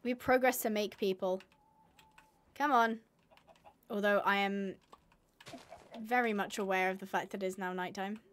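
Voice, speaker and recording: A woman's voice: mid-range voice, fairly even intonation, moderate pace, long pauses. A woman streaming a game live, chatting and mocking herself as she talks to her animals. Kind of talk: live gameplay commentary.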